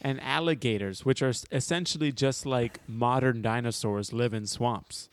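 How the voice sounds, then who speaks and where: A man's voice: medium pitch, moderate pace, no room sound. A man with a mid-range voice banters in casual podcast chat, tossing in jokey asides and laughing easily. He is recorded close and dry.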